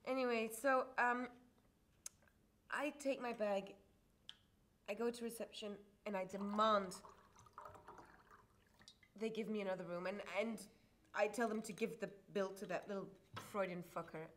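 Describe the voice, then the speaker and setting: On stage in live comedy storytelling, an actress plays a flamboyant single woman dramatically recounting a disastrous date and swearing freely. Her medium-pitched, slightly bright voice is steady and unhurried, close to an everyday voice, with frequent pauses.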